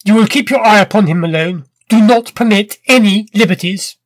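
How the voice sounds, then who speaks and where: A man's voice: high-pitched, moderate pace, no room sound, voice pushed up. A man voicing an irascible, powerful older professor who speaks in stern, pompous commands. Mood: commanding.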